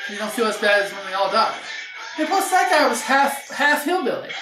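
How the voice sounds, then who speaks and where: A woman with a fairly high voice riffs on a film's credits in a casual, animated way, breaking into loud exclamations. She sounds like she's in an echoey room, with music playing faintly behind her. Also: a little fast. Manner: animated, loud outbursts while reading credits. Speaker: movie riff host. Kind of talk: casual movie commentary.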